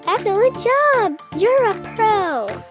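A man's voice: very high-pitched, very animated, slow, over music, exaggerated voice. A voice actor playing a loving, eager seven-year-old boy in a children's storybook. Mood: encouraging. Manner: eager, affectionate.

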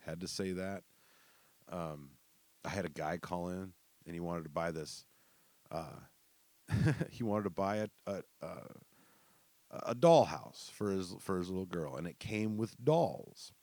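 Young man with a deep voice, loose and profane, a laughing storyteller. Close, dry recording. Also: expressive, measured pace, pauses often, a little mellow, dry recording. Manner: loose, profane, laughs through his stories. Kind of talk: casual storytelling.

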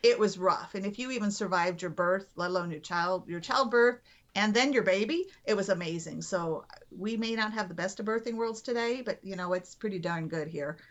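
A woman who works as a nurse and birth doula, telling stories as a podcast guest in an animated, vivid way. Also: medium pitch, brisk, muffled recording. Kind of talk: casual podcast storytelling.

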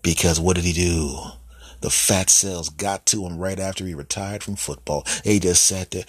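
A man's voice: sits low, normal speed, slightly rough, dry recording. A man doing a solo comedy podcast monologue, acting out little voices and bits as he goes. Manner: animated, acts out voices and bits.

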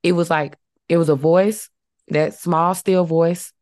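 A woman's voice: lowish voice, fairly even intonation, a little slow, darkish tone, no echo, studio quality. A woman co-hosting a faith podcast, talking in an earnest, reflective way with many fillers. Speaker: podcast co-host. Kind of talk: casual faith podcast chat.

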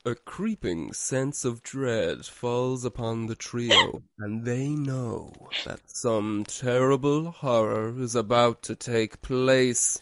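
A man's voice: medium pitch, a little hiss or hum. Man narrating a spooky story. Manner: measured, storybook delivery.

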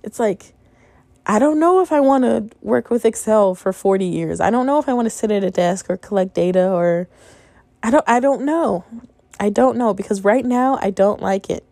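A woman's voice: mid-range voice, moderate pace, a little mellow, no room sound. A young woman in her twenties hosting a solo podcast, telling her own stories in a frank, exasperated way and often breaking into laughter. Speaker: podcast host. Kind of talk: casual monologue.

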